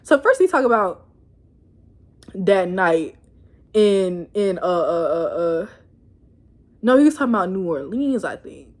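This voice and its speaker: A woman casually recapping a TV episode in an animated, slangy, rambling way. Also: medium pitch, a little slow, long pauses. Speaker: show reviewer.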